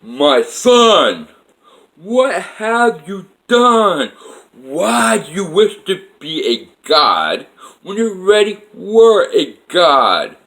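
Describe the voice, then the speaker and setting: A man voicing a male god, speaking slowly, calmly and gently yet very loudly. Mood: solemn. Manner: slow, solemn, booming.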